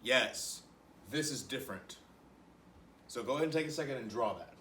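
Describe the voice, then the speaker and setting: A man's voice: mid-range voice, expressive, normal speed, bright, forceful tone, roomy sound, far from the mic, a little hiss or hum. A young man teaching an online music lesson to children, encouraging them and counting rhythms aloud as he claps.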